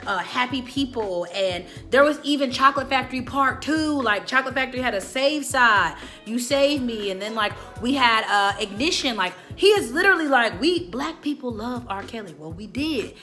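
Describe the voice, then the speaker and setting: Brief: late-twenties female vlogger, opinionated and animated, light music underneath. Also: fairly high pitch, moderate pace, hardly any pauses. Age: late 20s. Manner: animated, opinionated, quotes people in put-on voices. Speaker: host. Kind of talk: casual video commentary.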